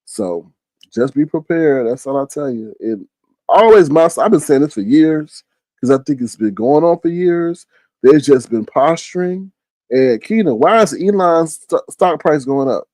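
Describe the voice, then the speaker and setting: A man's voice: on the high side, lively intonation, a little slow, darkish tone, dry recording. A man hosting a live stream, reading viewers' chat and talking back bluntly in loose, slangy casual commentary. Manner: chatty, talks straight to viewers by name, slangy and blunt.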